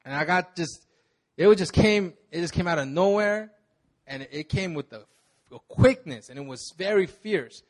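A man's voice: high voice, lively intonation, moderate pace. A man in his thirties, a pastor, telling his own story in a sermon in a casual, slangy way with many restarts. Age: 30s. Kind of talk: sermon testimony.

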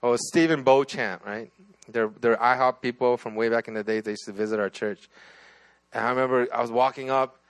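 A man's voice: medium pitch, steady tone, a little fast, smooth. A man, a pastor, telling his own testimony in a sermon, talking casually with many restarts and "right?" asides.

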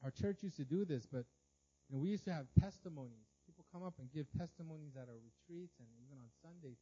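A man's voice: a little high, fast, warm tone, husky, highs cut off. A man preaching a sermon to his congregation, in a loose conversational way with fillers and rhetorical questions. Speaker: pastor.

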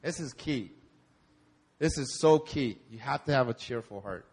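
A man preaching a sermon at a church service, animated and repeating words for emphasis. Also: mid-range voice, normal speed, husky. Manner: animated, acts out quoted voices, repeats words when stressing. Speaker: pastor.

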